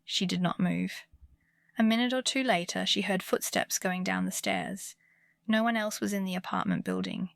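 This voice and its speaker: A woman narrating true scary stories for bedtime in a calm, comforting scripted delivery. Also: medium pitch, normal speed, gravelly, dry recording, studio quality. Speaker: horror story narrator.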